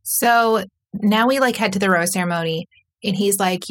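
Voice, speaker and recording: A woman's voice: mid-range voice, moderate pace, slight background noise. A woman co-hosting a podcast, chatting casually and recapping a show, with frequent "like" fillers and quotes she acts out. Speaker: podcast co-host.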